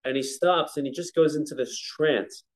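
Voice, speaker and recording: A man teaching a Torah class, talking conversationally and now and then chanting Hebrew verses slowly. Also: on the high side. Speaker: rabbi teaching a prayer-book class.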